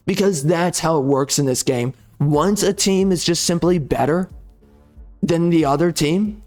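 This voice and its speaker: A man's voice: high voice, moderate pace, darkish tone, soft background music. A man ranting in a heated, repetitive way with casual slang while giving gameplay commentary.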